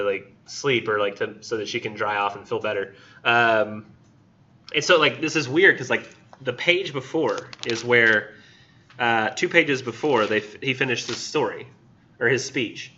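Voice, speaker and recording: A male literature instructor retells a story in a casual classroom lecture, his voice medium in pitch, bright and forceful, moving at a normal speed. He speaks informally, leaning heavily on fillers like "like" and "um". The recording sounds dull and lo-fi.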